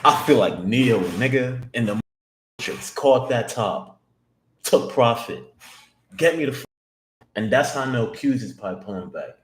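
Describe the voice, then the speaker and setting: A young man in his twenties livestyle-narrating his day trades to himself, slangy and full of swearing, repeating lines and jumping into high excited yelps. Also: normal speed, pauses often. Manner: excitable, swears constantly, bursts into high hyped shouts. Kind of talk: live trading vlog, talking to himself.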